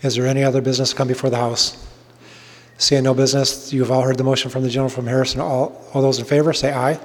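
A man presiding over a state house session, calling votes and motions in flat, measured, formulaic phrases. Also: mid-range voice. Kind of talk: formal parliamentary procedure. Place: legislative chamber. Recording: long reverb of a large chamber.

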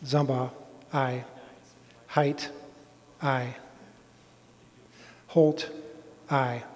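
A man presiding over a state legislature, calling votes and rulings in a measured, ceremonial cadence in a large chamber. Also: medium pitch, flat delivery, a little mellow. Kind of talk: formal parliamentary procedure, calling votes. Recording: long echo of a large chamber.

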